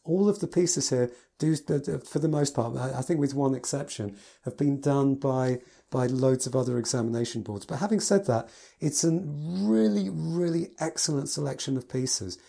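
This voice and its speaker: Mellow-voiced man gushing over pieces. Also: mid-range voice, moderate pace, vocal fry. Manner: enthusiastic, gushing with adjectives. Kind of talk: casual spoken review from notes.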